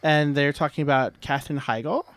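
A man's voice: fairly high pitch, normal speed, a bit bright, dry recording. A man co-hosting a casual talk radio show, passing along community news in a chatty way. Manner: chatty, relaying news with fillers. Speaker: radio co-host. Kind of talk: casual chat.

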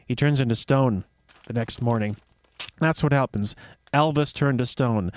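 A man's voice: mid-range voice, moderate pace, dry recording. A man hosting a radio show in a playful, rambling and chatty way, mixing casual talk with storytelling.

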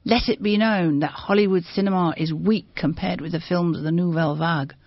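A woman reading aloud and voicing a menacing young militiaman with a gun, speaking in a slightly lower, cold, taunting tone, on a dry, dull recording. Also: fairly even intonation, brisk, no room sound. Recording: dull, dry, muffled sound.

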